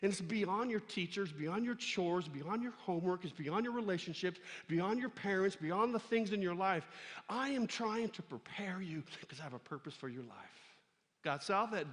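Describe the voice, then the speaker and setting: Animated preacher in a reverberant hall. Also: male voice, high voice, normal speed. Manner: animated storytelling, acting out voices. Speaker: pastor. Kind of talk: sermon to students. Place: church hall.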